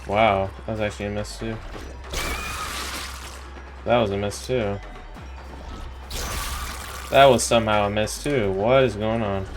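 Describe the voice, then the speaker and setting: A man's voice: lowish voice, steady tone, measured pace, pauses often, music in the background, poor audio. Young man's reactive gaming commentary. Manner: reactive, incredulous, frustrated outbursts. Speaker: gaming streamer. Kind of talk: live gameplay commentary.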